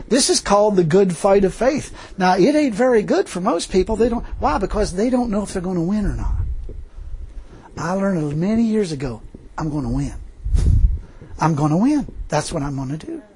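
A man's voice: high-pitched, expressive, moderate pace, a little mellow, husky, low-quality recording. A man preaching a folksy testimony sermon, telling his story casually and chuckling often as he goes. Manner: casual colloquial speech.

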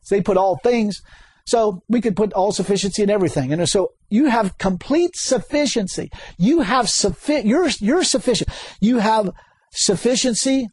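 In a dry recording, a husky-voiced man preaches with animation, chuckling frequently, repeating important words and leaping into sudden high exclamations.

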